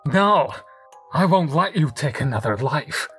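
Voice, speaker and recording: A man voicing an exasperated older male manager who grows agitated and loud. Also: a little slow, soft background music, close to an everyday voice. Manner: raised, agitated, pitched up.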